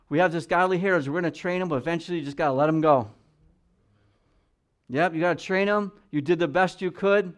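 A male pastor preaching a conversational sermon, talking straight to his congregation and slowing down to read scripture aloud. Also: a little high.

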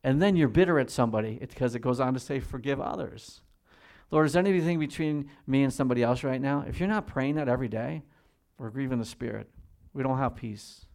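Male pastor preaching with rising fervor. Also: vocal fry. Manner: swings from slow, quiet emphasis to loud, raised-pitch exhortation; reads scripture slowly and deliberately. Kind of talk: sermon.

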